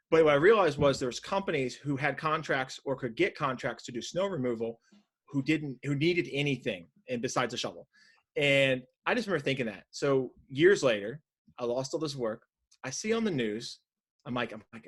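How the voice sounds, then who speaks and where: A man in his thirties from Northern Virginia speaks as a podcast guest. His pitch sits in the middle range. He tells a story in a casual, animated way, jumping back into half-finished sentences and acting out quotes. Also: brisk. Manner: animated, many restarts and acted-out quotes. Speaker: podcast guest, side hustle coach.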